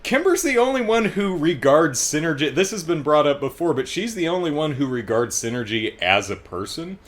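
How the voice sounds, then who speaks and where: A man's voice: fairly high pitch, sing-song, moderate pace. A middle-aged man hosting a casual commentary, chatting with frequent fillers and restarts and wry, amused asides. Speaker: host reading and discussing comics.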